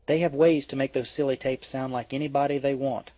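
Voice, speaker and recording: Male reader doing a protective mom, soft and reassuring, close dry lo-fi sound. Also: mid-range voice, steady tone, brisk, no room sound, natural voice. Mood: soothing. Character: caring mother, soothing and protective. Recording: dry, dull lo-fi.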